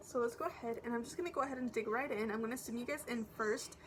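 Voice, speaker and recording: A woman records a casual beauty vlog at home with a bright, fairly high voice, gushing excitedly and sometimes sinking to a near whisper. She has the hiccups as she talks into the camera mic, with a faint hiss of room noise behind her. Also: fast, hardly any pauses. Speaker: beauty vlogger.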